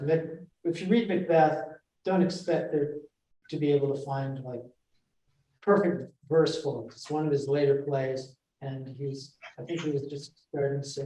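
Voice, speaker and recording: A man teaches a casual class in a roomy space, his voice mellow and captured from across the room. He talks slowly, breaking off and restarting often. Now and then he reads out lines of verse. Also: mid-range voice, distant mic. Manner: halting, with many fillers and restarts, reads verse aloud. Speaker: presenter of a Shakespeare class. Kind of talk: informal classroom lecture. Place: library meeting room. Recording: echoey room, voice picked up from afar.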